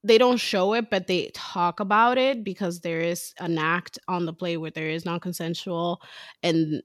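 A woman in her thirties tells a story in casual chat, her voice sitting a little low. She keeps slipping into quoted voices as she goes. The sound is close and dry, with no room around it. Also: moderate pace, dry recording. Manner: chatty, animated storyteller acting out quotes.

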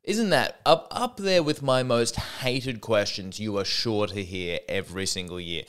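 A man's voice: lowish voice, expressive, measured pace, few pauses, a bit bright, clear, resonant tone. An Australian man hosting a solo podcast, talking in a rambling, sardonic, self-deprecating way. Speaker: podcast host.

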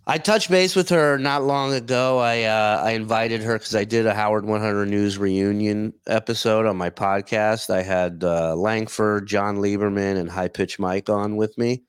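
A man's voice: on the low side, fairly even intonation, normal speed, hardly any pauses, clean tone, no echo, clean studio sound. A man chatting as a guest on a video call, easygoing and talkative, swearing casually. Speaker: guest, former radio show staffer. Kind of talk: casual chat.

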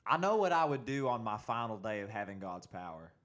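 A young man co-hosting a podcast in casual chat, playful and excitable, often saying "dude". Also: fairly low pitch, fairly quick. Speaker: podcast co-host.

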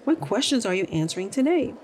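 Woman doing a kindly female librarian, patient, explanatory, mid-pitched. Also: big pitch swings, fast talker, a little mellow, slight background noise, natural voice. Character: warm, helpful female librarian.

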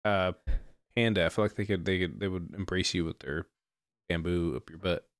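A young man with a lowish voice hosts a relaxed podcast chat, firing off quick questions in a loose, mumbly way with casual swearing. the recording is close and dry, with no room sound behind him. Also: dry recording. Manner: laid-back, swears casually, mumbled answers. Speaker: podcast host.

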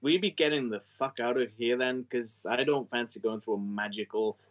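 A man's voice: medium pitch, moderate pace. Blunt, joking man at the game table. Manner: blunt and joking, swears casually. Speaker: player. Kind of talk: casual tabletop game play.

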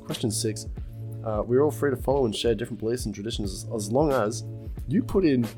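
A man's voice: mid-range voice, brisk, mellow, faint music behind. A young Australian man co-hosting a podcast, reading quiz questions aloud with frequent laughter and casual swearing. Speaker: podcast co-host.

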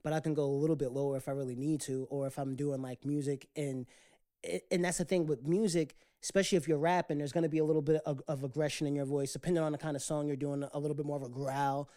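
A man co-hosting a casual podcast, with a fairly high tenor voice, rambling and restarting his sentences often. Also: fairly even intonation, fast talker, mellow. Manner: rambling, with many restarts and repeated words. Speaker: podcast co-host.

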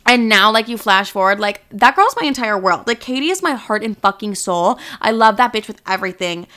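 A young woman hosts a candid podcast monologue, speaking straight to camera. Her voice is bright and sharp-edged, with a smooth, crisp clarity. She talks passionately, swears freely and leans on "like" throughout. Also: medium pitch, a little fast. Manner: candid, heavy swearing and filler "like"; passionate, animated storytelling. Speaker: podcast host.

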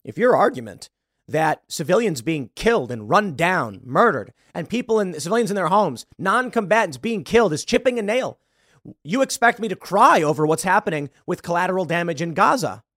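A man's voice: high voice, sing-song, fairly quick, fairly bright tone, no room sound, studio quality. A man hosting a podcast, giving heated, emphatic political commentary and stumbling over repeated words when worked up. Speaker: podcast host.

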